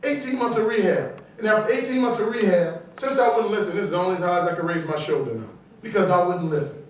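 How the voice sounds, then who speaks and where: High-pitched man speaking in an echoey hall. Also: fast, a little hiss or hum. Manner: punchy, emphatic, joking with the crowd. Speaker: motivational speaker. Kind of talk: animated motivational storytelling speech. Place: large auditorium. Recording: echoey auditorium, voice from far off.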